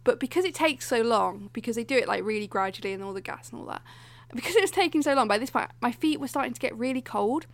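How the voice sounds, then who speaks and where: A woman's voice: on the high side, lively intonation, fast, dry recording. A young woman telling a story in casual chat, acting out other people's lines with lots of laughter.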